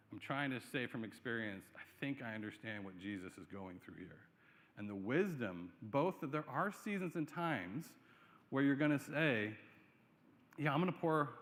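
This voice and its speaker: A man's voice: mid-range voice, a bit bright, in a large hall. A male pastor preaching a sermon in a conversational way, asking the room rhetorical questions. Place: church sanctuary.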